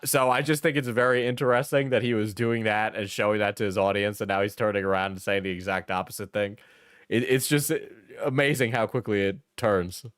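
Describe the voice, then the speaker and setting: A man's voice: lowish voice, steady tone, brisk, a bit bright, smooth, dry recording, studio quality. A tired man from Wisconsin doing sarcastic live stream commentary, joking and laughing as he reacts to videos.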